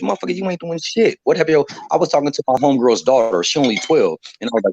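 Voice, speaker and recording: A man on a live stream discussion, talking in an animated, profane way and laughing often. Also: a little high, fast, few pauses, slight background noise. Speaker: livestream panelist. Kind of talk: heated casual discussion. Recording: dry, dull lo-fi sound.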